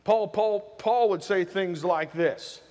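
High-voiced pastor in a reverberant church. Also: male voice, slow pace. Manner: lively, preachy delivery with repeated rhetorical questions to the congregation. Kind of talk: sermon. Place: church sanctuary. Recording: long hall reverb in a church.

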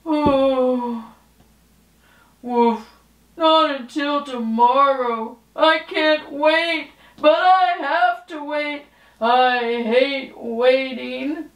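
A woman voicing an excitable young dog puppet who barks between words and is impatient to go for a car ride. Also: sits high, extremely slow, recorded from a distance, voice pushed up. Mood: eager. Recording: roomy echo.

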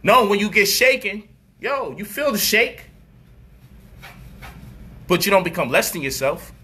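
A man with a high, cutting voice delivers a street-style commentary monologue. He is profane and mocking, slipping into acted-out voices of the people he describes. His tone is sharp and piercing throughout. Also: unhurried, breathy edge. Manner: animated, profane, mocking, acts out quoted voices.

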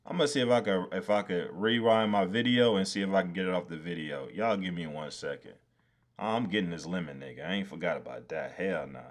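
Narrating his design work on a live stream, this man talks to himself a little fast in a low voice. When something goes wrong he laughs it off, and he curses without restraint.

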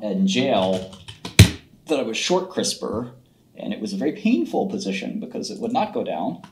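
A man's voice: on the low side, darkish tone, a little hiss or hum. A man hosting a casual livestream, picking apart stocks in a blunt, offhand, sarcastic way. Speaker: host analyzing stocks on a livestream. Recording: roomy echo, faint keyboard typing.

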